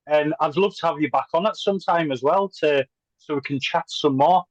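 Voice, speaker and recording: A man's voice: a little high, no room sound. A man hosting a casual interview, responding with eager affirmations. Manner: enthusiastic, quick affirmations. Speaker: podcast host. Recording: dry, muffled lo-fi sound.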